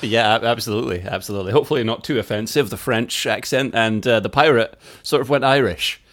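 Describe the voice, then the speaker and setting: A man's voice: mid-range voice, quick pace, fairly bright tone. A man co-hosting a podcast in casual chat, introducing his own song with a hesitant manner. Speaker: podcast co-host and songwriter.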